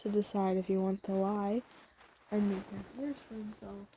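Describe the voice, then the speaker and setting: A woman's voice: mid-range voice, steady tone, moderate pace, dark tone, a little hiss or hum. A woman casually telling a fan story to the listener. She rambles, uses many fillers, and keeps restarting her sentences.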